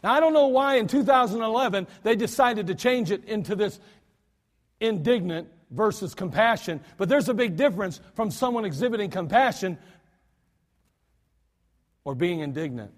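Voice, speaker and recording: Brief: male pastor, emphatic sermon delivery with restarts, high-pitched, in a reverberant church. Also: lively intonation, moderate pace. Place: church sanctuary.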